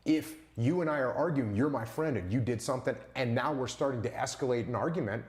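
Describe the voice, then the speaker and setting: A man holds forth as an interview guest, hitting his points with punchy repetition and rhetorical questions. His voice sits at a mid pitch and carries a roomy echo around it. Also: quick pace. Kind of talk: emphatic interview storytelling.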